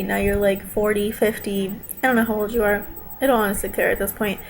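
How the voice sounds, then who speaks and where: A woman's voice: medium pitch, steady tone, brisk, a little hiss or hum, poor audio. A young woman vlogging from home, talking straight to her viewers in a defensive, emotional rant, close to tears at times. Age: young adult.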